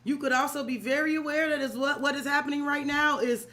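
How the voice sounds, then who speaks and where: A high-sitting, pushed and bright voice belongs to a woman doing a tarot reading over a live stream, talking a little fast with fairly even intonation. Her casual, profane slang is aimed straight at the client, with frequent "right?" check-ins.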